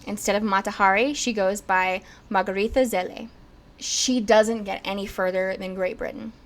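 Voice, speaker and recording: Brief: young woman podcast host, casual storyteller, chatty with frequent "like", mid pitch. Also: moderate pace. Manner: chatty, lots of "like", acts out quotes in lively bits.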